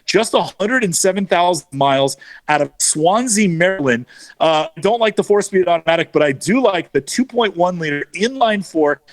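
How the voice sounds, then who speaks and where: A man's voice: sits high, expressive, normal speed, dry recording. A man co-hosting a casual chat about car auctions, rattling off prices and specs with easy knowledge. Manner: knowledgeable, states numbers and specs. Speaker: co-host of a car auction show.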